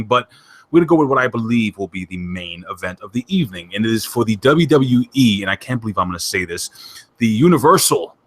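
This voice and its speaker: A man hosting a wrestling podcast in casual chat, excitable and emphatic, joking as he talks. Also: lowish voice, dry recording. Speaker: podcast host.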